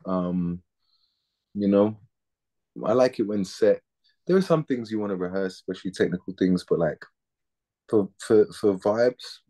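A man's voice: fairly low pitch, unhurried, pauses often, dark tone. A man in his thirties, an actor chatting casually in an interview, laid-back and slangy, often repeating words as he thinks.

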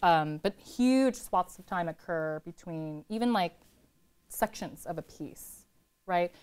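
A woman poet in her thirties, from California, answering audience questions in a chatty, animated way, laughing often and filling her talk with "like". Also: lowish voice, slow, clear, resonant tone. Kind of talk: casual talk at a reading Q&A.

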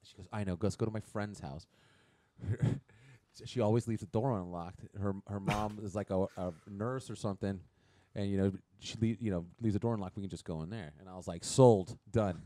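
A man's voice: on the low side, fairly quick, warm tone. A man in his thirties on a podcast, telling a crude story in casual chat and acting out the other people in it. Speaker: podcast co-host.

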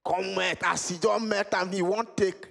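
A man telling a comic story in Nigerian Pidgin, animated and laughing as he acts out the scenes. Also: high voice, normal speed, vocal fry. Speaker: stand-up comedian.

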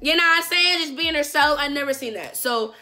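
A woman's voice: high-pitched, fairly quick, pushed and bright. A woman hosting a reaction video, chatty and rambling, laughing often. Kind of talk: casual reaction commentary.

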